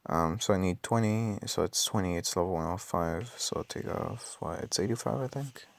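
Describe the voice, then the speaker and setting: A man with a raspy, just-woken-up voice, thinking aloud with many ums and self-corrections during casual gameplay commentary. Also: deep voice, normal speed. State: just woke up. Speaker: mobile game player.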